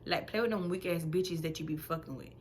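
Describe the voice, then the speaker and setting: A young woman, five months pregnant, telling a story in a blunt, profane, animated vlog rant that swings between loud outbursts and quiet asides. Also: fairly low pitch, a little fast. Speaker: vlogger.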